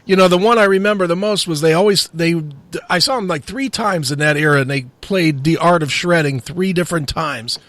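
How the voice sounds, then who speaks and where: A man's voice: a little high, brisk, hardly any pauses, no room sound. A middle-aged man, a metal radio host, telling stories with lots of swearing in a casual podcast chat. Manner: profane, animated storytelling.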